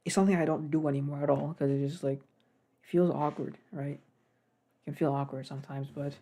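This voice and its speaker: A young man narrates his game development work in a casual devlog, rambling, self-deprecating, and easily sidetracked. His voice is on the high side and mellow, with a steady tone at normal speed.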